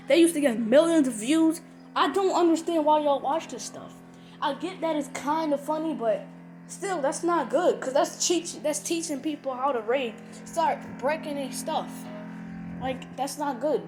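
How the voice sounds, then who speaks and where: A high-pitched woman rants at home to her viewers, circling back and repeating herself with plenty of emphasis. Faint music plays softly behind her. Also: rough recording. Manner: rambling, repetitive, emphatic. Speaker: channel host. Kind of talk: casual rant to viewers.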